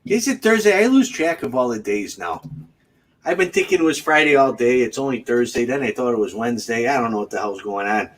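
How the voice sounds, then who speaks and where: A man co-hosting a casual comedy chat show, rambling in a deadpan way. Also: mid-range voice, a little fast. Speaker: co-host.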